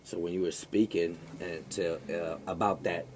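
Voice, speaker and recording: A middle-aged man in casual chat, talking haltingly with lots of fillers and repeats. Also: deep voice, steady tone, a little hiss or hum.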